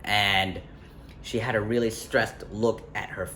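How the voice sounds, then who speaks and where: A young man tells a personal story in a loose, casual vlog style. His voice sits on the low side, and he rambles, backtracks and leans on fillers. Faint outdoor ambience hums behind him. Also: steady tone, takes it slowly, sharp tone. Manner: rambling, self-correcting, many fillers and "like". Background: faint street ambience, passing traffic.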